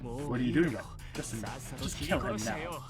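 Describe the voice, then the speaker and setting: A sneering teenage boy villain, read out by a man gloats from the sidelines of a fight in this storybook reading. His voice sits at a middle pitch, and music plays clearly beneath it. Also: a little slow, natural voice. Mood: triumphant.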